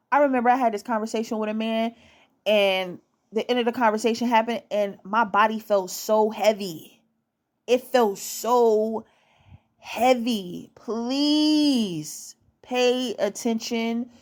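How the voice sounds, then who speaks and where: A woman's voice: a little high, a little slow, darkish tone. Blunt, profane young woman repeating points for emphasis. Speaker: dating advice vlogger. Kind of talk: casual monologue to camera.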